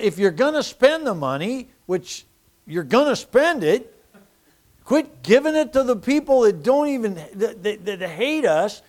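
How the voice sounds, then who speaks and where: A man with a notably high-pitched voice delivers a sermon. He preaches in an animated, personal way, stumbling and restarting phrases as he shares his own story. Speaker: pastor.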